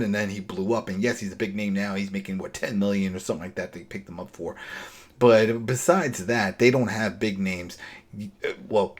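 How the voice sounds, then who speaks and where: Man, podcast co-host. Casual episode recap, animated delivery, slips into quick character impressions. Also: fairly low pitch. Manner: animated, acts out characters' lines mid-recap.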